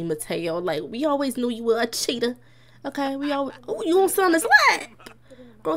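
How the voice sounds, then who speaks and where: A young woman chatting casually as she plays a life-sim game, reacting aloud to her characters and giggling often. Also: medium pitch. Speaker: gaming YouTuber. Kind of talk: casual let's-play commentary.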